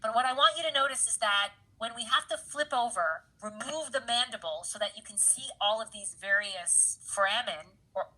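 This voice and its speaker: A woman's voice: fairly high pitch, normal speed, hardly any pauses, bright, forceful tone, rough recording. Chatty woman teaching an anatomy lab. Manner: chatty, keeps checking in with "right, guys?"; laughs easily at her own jokes. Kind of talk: casual lecture over slides.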